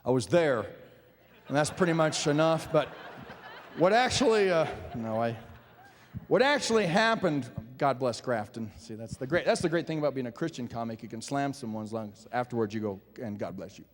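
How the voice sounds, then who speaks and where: A man from Nebraska doing a stand-up comedy set, telling animated stories and acting out voices, in a large theater. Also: medium pitch, normal speed, a little hiss or hum. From Nebraska, USA. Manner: animated storytelling with acted-out voices. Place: large performing arts theater. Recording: live stage in an echoey hall.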